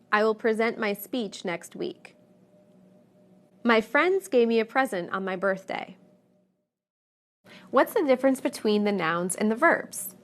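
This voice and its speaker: A woman narrating a scripted pronunciation lesson, speaking clearly and deliberately and stressing each example word. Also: fairly high pitch. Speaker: English pronunciation teacher.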